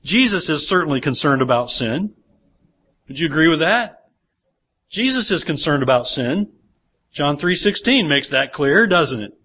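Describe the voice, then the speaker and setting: A man's voice: on the high side, sing-song, normal speed, pauses often, husky. A male pastor preaching a sermon, often putting rhetorical questions to the congregation. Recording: dull lo-fi church sermon recording.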